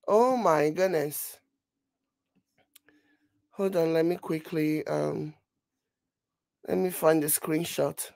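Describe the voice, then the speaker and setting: A woman's voice: low-pitched, slow pace, creaky, long pauses, a little mellow, no room sound. A woman with a Nigerian accent giving casual, mocking commentary on a video while scrolling for screenshots. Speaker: vlogger reacting to a video.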